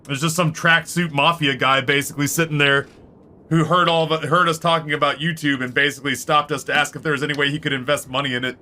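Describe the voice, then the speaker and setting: Talking fast in a fairly high voice, a man from Canada streams a game and spins loose, rambling stories. His casual storytelling is peppered with swearing and lively impressions of what people said, with faint music in the background.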